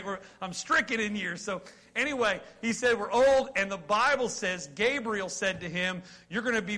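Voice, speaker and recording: A man in his forties preaching a sermon, reading scripture aloud and joking in a folksy, animated way with his congregation. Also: high-pitched. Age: 40s. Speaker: pastor.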